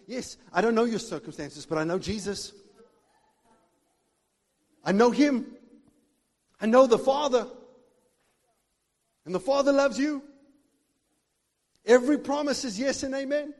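High-voiced preacher in a hall. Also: male voice, expressive, measured pace, long pauses. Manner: fervent preaching, swinging from shouts to hushed tones. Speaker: pastor. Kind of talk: sermon. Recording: long reverb of a big hall.

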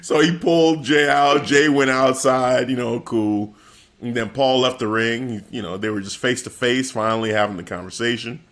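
A man's voice: mid-range voice, normal speed. A man in casual chat, recapping a wrestling show with laughs and acted-out quotes. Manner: animated, laughing, acting out quotes. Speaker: wrestling podcast co-host.

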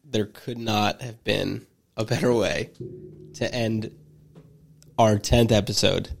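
A man's voice: on the low side, fairly even intonation, slow pace, vocal fry, faint music behind. A man co-hosting a casual podcast, reacting with exclamations and swearing in disbelief. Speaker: podcast co-host.

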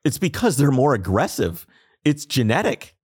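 A man's voice: mid-range voice, moderate pace, slightly rough, no echo, studio quality. A man co-hosting a podcast, talking in an emphatic, opinionated way. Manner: animated, emphatic, ranting. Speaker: podcast co-host. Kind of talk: casual opinionated chat.

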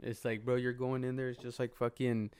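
A man's voice: medium pitch, flat delivery, a little fast, a little mellow, clear, resonant tone, no echo. A young man co-hosting a podcast, chatting casually with lots of slang and swearing. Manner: slangy, swears a lot, says bro and dog. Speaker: podcast co-host. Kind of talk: casual chat.

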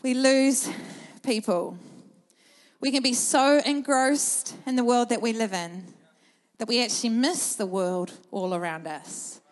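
A woman's voice: a little high, measured pace. A woman, preaching a sermon with passion, telling stories and building to urgent emphasis.

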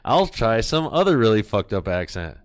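A man co-hosting a podcast in casual chat, joking and crude with a deadpan delivery. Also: on the low side, normal speed. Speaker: podcast co-host.

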